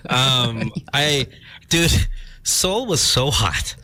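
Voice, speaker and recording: A sick man hosts a morning radio show from his home over a phone connection. He jokes easily and his pitch swings widely as he talks. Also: lively intonation, extremely slow, pushed and bright. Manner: easygoing, joking, mixes in Tagalog. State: sick, voice sounds different. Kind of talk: casual radio banter. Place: home bedroom. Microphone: phone data connection, remote.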